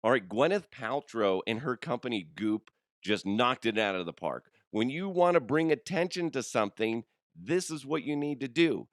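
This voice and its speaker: A man hosting a comedy podcast, hoarse from a cold, talking casually with lots of swearing and laughter. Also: medium pitch, normal speed, no echo, clean studio sound. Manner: animated, swearing, laughs a lot. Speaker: podcast host.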